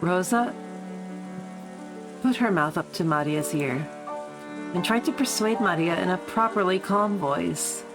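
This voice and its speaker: A woman's voice: fairly low pitch, a little slow, pauses often, low-quality recording. A young adult woman streamer reading a visual novel aloud, breaking off for profane, laughing asides. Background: background music and rain.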